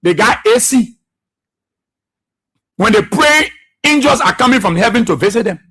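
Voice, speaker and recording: A Liberian man hosts a radio talk show, hammering his points home with fervent repetition like a preacher. His voice sits high and sounds bright and forceful, with a husky edge. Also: animated, normal speed. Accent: Liberian English. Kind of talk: political commentary monologue.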